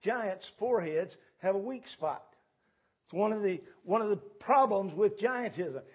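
High-voiced preacher, husky tone. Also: male voice, expressive, unhurried, highs cut off. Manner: storytelling, folksy, with quoted voices. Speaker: pastor. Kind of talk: sermon. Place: church sanctuary.

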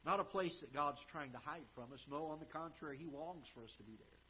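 A man with a Midwestern American accent preaching a sermon in a church auditorium. He swells to emphatic lines, then drops soft and low, and quotes scripture in old-fashioned wording. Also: fast. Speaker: pastor. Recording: dull live church broadcast, faint hiss.

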